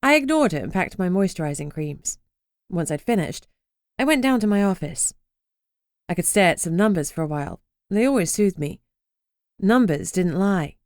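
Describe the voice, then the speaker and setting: A woman's voice: lowish voice, lively intonation, moderate pace, no room sound, studio quality. A woman narrating a first-person urban fantasy audiobook in a wry, sardonic way.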